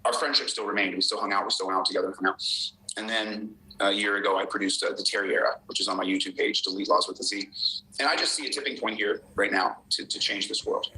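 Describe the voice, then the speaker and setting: A man's voice: on the low side, fast talker, bright, forceful tone, poor audio. A man speaking candidly and earnestly as an interviewee in a played clip. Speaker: filmmaker guest in an interview clip.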